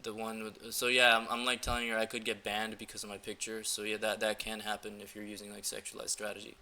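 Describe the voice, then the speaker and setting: Speaking fast in a completely flat, pushed, bright tone, a young American man with a fairly low voice gives a filler-heavy, casual walkthrough of his screen. He's coaching viewers on how to write dating messages.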